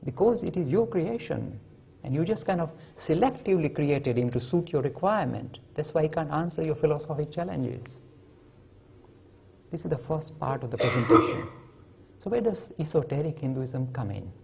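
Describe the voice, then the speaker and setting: Man, lecturer, animated storytelling, slightly high voice, dull lo-fi recording. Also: moderate pace, creaky, slight background noise. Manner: lively storytelling, acting out quoted voices. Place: lecture hall.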